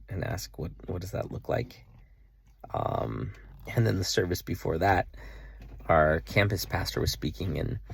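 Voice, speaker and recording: Low gravelly earnest young man. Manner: earnest, emotional, full of "like" and restarts. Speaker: vlogger. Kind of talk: casual personal vlog.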